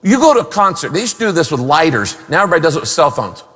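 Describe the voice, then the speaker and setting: A pastor preaching a sermon in an emphatic, animated way, asking the crowd rhetorical questions. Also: male voice, on the high side, rapid-fire, long reverb tail.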